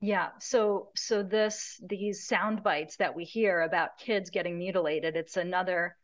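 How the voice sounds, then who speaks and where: A woman hosting an interview, asking measured, reflective questions. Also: on the low side, fairly even intonation, lo-fi sound. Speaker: host and interviewer. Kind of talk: conversational interview.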